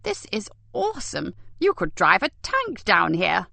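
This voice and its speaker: A woman's voice: mid-range voice, wildly swooping pitch, unhurried, vocal fry, pushed and bright, dry recording, heavily acted. A woman voicing a wry, unflappable male pathologist in a crime audiobook, with a dry drawl.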